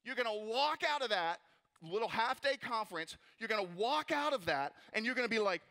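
High, bright-voiced energetic preacher man. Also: a little fast. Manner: animated, jokey, acts out mocking voices. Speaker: pastor. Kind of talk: energetic sermon. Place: church auditorium.

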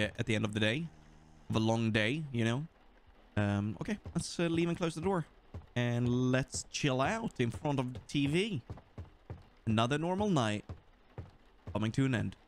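A man's voice: mid-range voice, normal speed, long pauses, a little hiss or hum. A young man with a Swedish accent giving playful let's-play commentary and chatting to the game as he plays. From Sweden. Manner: animated, joking, talks to the game. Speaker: gaming YouTuber.

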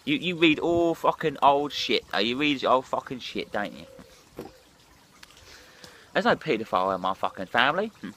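A man's voice: mid-range voice, expressive, normal speed, pauses often, a bit bright. A hungover man, ranting and swearing bluntly in a rambling vlog monologue while drinking. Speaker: drinking vlogger.

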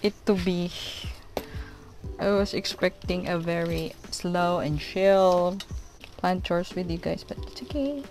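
A woman with a Filipino accent talks slowly through a messy repotting session. She exclaims and reassures herself, with music playing underneath. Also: on the low side, darkish tone. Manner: flustered, exclaiming, self-soothing. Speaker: plant vlogger, mother. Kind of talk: casual vlog narration while repotting.

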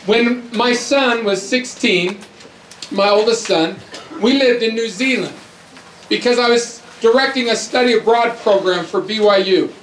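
A man's voice: very high-pitched, unhurried, fairly bright tone. A middle-aged man from North America giving a humorous, emphatic storytelling sermon to a youth audience. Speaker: youth conference speaker. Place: large hall with audience. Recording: echoey hall, distant mic, audience noise.

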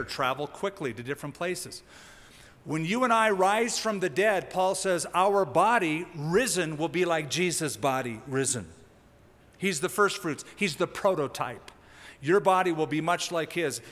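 A male pastor delivers a sermon in a church sanctuary, with a voice that sits a little high for a man. He teaches conversationally, stressing key words and lifting his energy for emphasis, and the sound carries a long hall reverb. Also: fairly bright tone.

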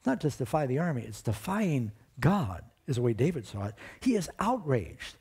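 A male pastor preaching a sermon, retelling a story with lively storytelling and questions for the congregation. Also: medium pitch, normal speed, hardly any pauses, husky.

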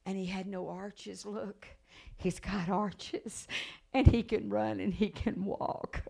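A woman evangelist telling a healing story in a sermon, acting out the people she quotes and rising to loud praise. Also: mid-range voice, fairly even intonation, slow pace, creaky. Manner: storytelling with acted quotes, building to shouted praise. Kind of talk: sermon testimony.

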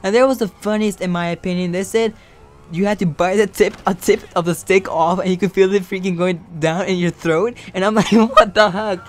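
A man's voice: high-pitched, steady tone, fairly quick. A young man telling a storytime and drawing a tutorial in a casual, joking, rambling way. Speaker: YouTuber.

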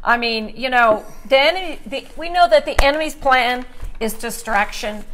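Woman pastor, high voice, emphatic sermon, slows on scripture. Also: a bit bright. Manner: emphatic, slows to stress scripture, asks "Amen?".

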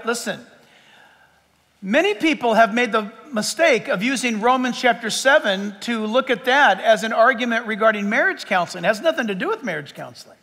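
A man preaching a sermon as pastor, emphatic and swinging between loud and hushed. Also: very high voice. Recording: long hall reverb.

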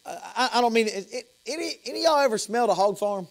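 A man's voice: very high voice, lively intonation, fast, gravelly. A man with a Southern US accent preaching an evening sermon as pastor, impassioned, repeating and restarting phrases. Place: church sanctuary.

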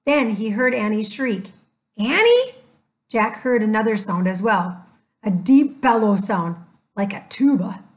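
A woman narrating a children's chapter book aloud in a gentle, measured way. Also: medium pitch. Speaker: storyteller. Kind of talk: scripted storybook narration.

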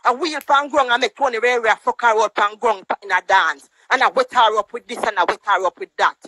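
A woman's voice: a little fast, pushed and bright, dry recording, rough recording. Fiery Jamaican woman ranting on a live. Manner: angry, scolding, mocking quotes in higher voice. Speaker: guest on a social media live. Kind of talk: heated live-stream rant. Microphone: phone on a live stream.

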